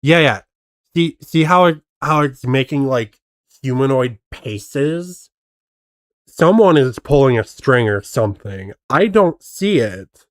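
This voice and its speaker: A man's voice: mid-range voice, animated, slow, no echo, studio quality. A man streaming casual reaction commentary, skeptically picking apart how a video was faked. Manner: skeptical, picks apart tricks.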